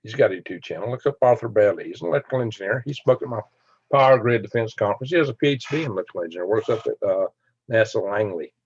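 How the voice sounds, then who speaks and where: Racing through a casual livestream, a Southern-accented man reads viewer comments in a lowish, husky, animated voice. He rambles folksily and chuckles often, and the recording is dry and dull.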